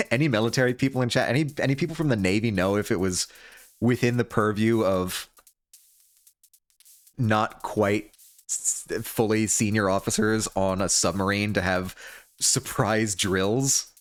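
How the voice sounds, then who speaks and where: A man's voice: lowish voice, a little slow, no echo. A man streaming a video game live, chatting with his audience in a self-deprecating way that often breaks into laughter. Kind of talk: live gameplay narration and chat. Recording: game music underneath.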